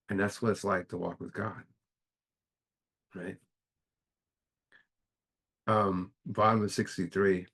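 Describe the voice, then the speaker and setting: Deep-voiced man leading a recovery study, earnest and plain-spoken, emphatic. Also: level tone, slow pace, vocal fry, pauses often, a bit bright, breathy edge. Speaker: speaker at a recovery book study. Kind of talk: recovery meeting talk.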